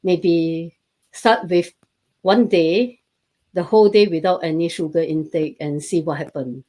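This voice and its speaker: A woman's voice: on the low side, steady tone, unhurried, warm tone. A woman hosting a casual interview, speaking hesitantly with many fillers. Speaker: host.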